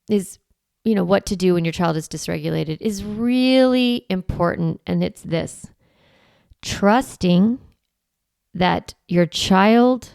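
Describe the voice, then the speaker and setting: A woman hosting a parenting podcast, explaining calmly and acting out gentle phrases to say to an upset child. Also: mid-range voice, gravelly, no echo, clean studio sound. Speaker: parenting podcast host and coach. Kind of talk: instructional podcast monologue.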